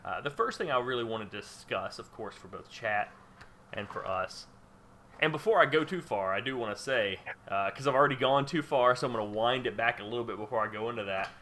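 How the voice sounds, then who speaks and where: A man's voice: mid-range voice, fairly quick, pushed and bright, a little hiss or hum. A man hosting a casual gaming podcast, rambling with lots of fillers and restarts. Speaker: podcast host. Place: home room under a spotlight.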